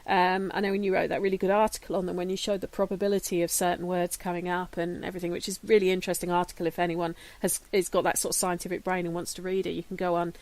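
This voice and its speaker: A British woman hosting a casual podcast interview, chatty and quick to chime in with short agreements. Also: on the low side, level tone, darkish tone. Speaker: podcast host.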